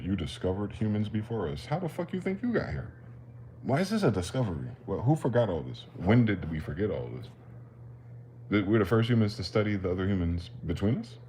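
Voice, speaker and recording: Low-voiced man musing in street slang. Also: warm tone, a little hiss or hum. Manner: profane, questioning, street slang. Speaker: livestream host. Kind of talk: rambling philosophical monologue.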